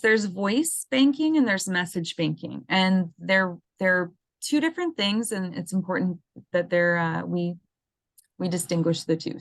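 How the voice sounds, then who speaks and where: A woman gives an educational webinar over a computer mic on a video call, speaking in a slow, lowish voice. She explains things casually, with plenty of ums and restarts. The sound is dry and close, with no room around it. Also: no room sound. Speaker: assistive technology coordinator presenting a seminar.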